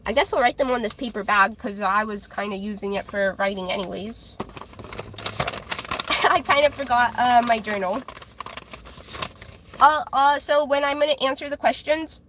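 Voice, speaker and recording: A woman with a high, childlike voice reads tarot on a live stream. She talks in loose, casual chat that is full of fillers and restarts. Her tone stays bright and sharp throughout. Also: moderate pace, pauses often, slight background noise, rough recording.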